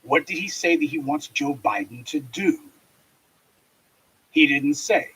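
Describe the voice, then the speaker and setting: A man delivers a pointed political commentary monologue, scornful and lecturing. His voice is husky and sits a little high. He addresses his audience directly. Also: unhurried, bright, forceful tone, low-quality recording.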